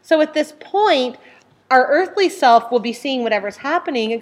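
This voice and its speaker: A middle-aged woman leading a casual group Bible study, animated, full of restarts and acting out voices. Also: moderate pace. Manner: animated, acts out voices with sudden high outbursts.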